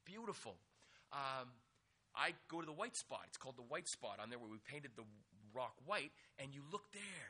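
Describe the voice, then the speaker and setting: Lively, husky-voiced man preaching. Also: on the high side. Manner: animated, acts out quotes, jokes with the audience. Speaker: youth pastor. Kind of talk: energetic youth sermon.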